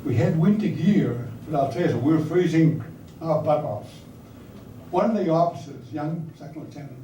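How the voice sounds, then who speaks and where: A man's voice: a little high, warm tone, a little hiss or hum. Older man telling war stories, far off in an echoey room. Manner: anecdotal, conversational, asks audience questions. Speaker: speaker recounting wartime service. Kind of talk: storytelling talk to an audience. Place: hall or meeting room with audience.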